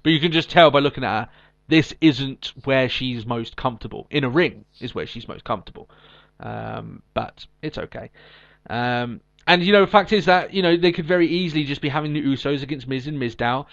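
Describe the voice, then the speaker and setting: A man's voice: mid-range voice, fairly quick, creaky, fairly bright tone, lo-fi sound. A man co-hosting a podcast in casual chat, recapping with lots of ums and restarts. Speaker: podcast co-host.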